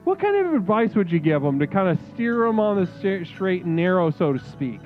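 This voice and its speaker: A man with a Chicago accent runs a comedic call-in chat with a slightly raised voice. He rambles and trips over repeated words. The sound is thin and phone-like with soft music underneath. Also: sits high, big pitch swings, fairly quick. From Chicago area, US. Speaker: host of a call-in stream. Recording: tinny phone-like audio, faint music.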